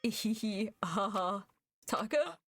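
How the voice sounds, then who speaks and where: A woman streamer reading game dialogue aloud and reacting with loud, swearing outbursts and laughter. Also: mid-range voice, lively intonation, slow pace, no room sound, soft background music.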